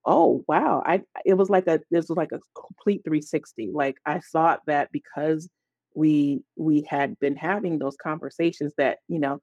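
A woman's voice: deep voice, moderate pace, no echo, lo-fi sound. A woman, a guest on a podcast, telling a personal story in conversation and acting out the dialogue as she goes. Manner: animated storyteller who acts out quoted dialogue; fills gaps with "da, da, da".

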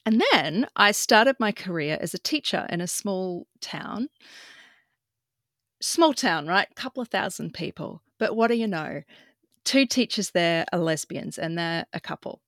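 A woman's voice: fairly low pitch, animated, unhurried, a bit bright, no room sound, studio quality. Frank, emotional woman. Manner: emotional, frank, swears casually. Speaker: podcast guest. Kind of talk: candid personal storytelling.

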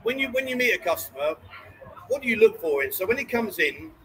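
A man's voice: high voice, big pitch swings, a little fast, pushed and bright, breathy edge, poor audio. A man hosting a casual live stream from a bar, chatty and jokey, calling people mate and darling. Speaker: host.

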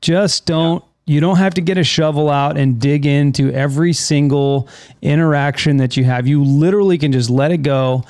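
A man's voice: fairly high pitch, fairly even intonation, moderate pace, a little mellow, no room sound. A man hosting a casual podcast chat, rambling with frequent restarts and casual swearing. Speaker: podcast host.

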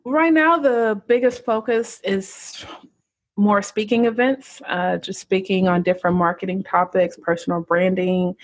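Husky-voiced young American woman guest. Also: on the low side, dry recording. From United States. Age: young adult. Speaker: podcast guest, entrepreneur. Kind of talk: casual interview chat.

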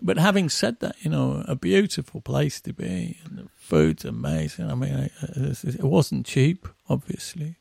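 Gravelly man telling tour stories. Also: fairly high pitch, very animated, normal speed, few pauses, darkish tone, no echo, studio quality. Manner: rambling, with acted-out quotes and laughs. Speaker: musician guest. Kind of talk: anecdotal storytelling.

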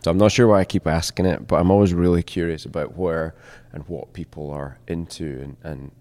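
A man with a Scottish accent asking interview questions in a rambling, halting way with frequent restarts. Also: sits low, steady tone, darkish tone. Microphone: handheld microphone held toward guest.

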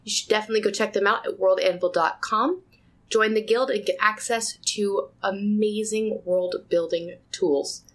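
A woman's voice: medium pitch, moderate pace. A woman hosting a tabletop role-play podcast, reading sponsor messages in an upbeat, chatty way. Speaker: host.

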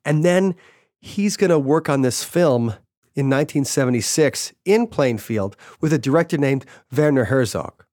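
A man's voice: medium pitch, animated, moderate pace, a little mellow, dry recording. A male podcast host tells a story to his co-host in a mid-range voice. He keeps it casual and loose, paraphrasing quotes as he goes. The recording is close and dry, with no room around him. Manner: retells events loosely, paraphrasing quotes with "he's like".

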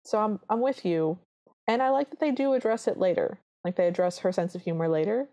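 A woman's voice: medium pitch, fairly quick, mellow. A woman co-hosting a podcast, chatting casually as she retells a film scene by scene and acts out the characters' lines. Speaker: podcast co-host.

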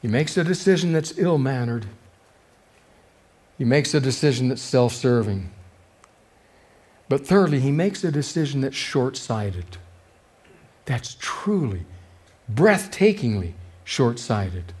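A man's voice: expressive, slow pace, pauses often, slightly rough. A man preaching a sermon as a pastor, repeating key words for emphasis and acting out the voices of the people he quotes. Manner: acts out quoted voices with shifts in pitch and loudness.

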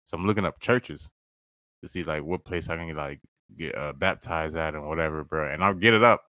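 A man's voice: rumbling low, a little fast, bright, forceful tone, no echo. A man hosting a podcast, telling a personal story in casual, slangy talk, laughing often and calling the listener "bro". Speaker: podcast host.

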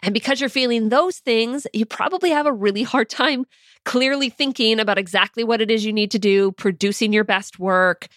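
A woman's voice: a little high, brisk, fairly bright tone, no echo, clean studio sound. A young woman in a teaching monologue, talking earnestly and casually as a mindset coach and acting out her own anxious thoughts in examples. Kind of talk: teaching monologue with personal stories.

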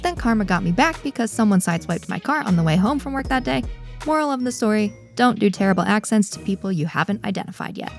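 A woman hosting a company podcast, telling a self-mocking story in a chatty, lively way. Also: medium pitch, fast, vocal fry, faint music behind. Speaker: podcast host. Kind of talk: scripted podcast intro and interview.

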